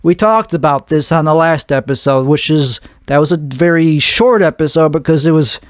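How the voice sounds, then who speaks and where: A man's voice: on the high side, normal speed, no echo, studio quality. A man hosting his own podcast, rambling and making fun of himself. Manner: rambling and self-mocking. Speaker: podcast host. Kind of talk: solo comedic podcast chat.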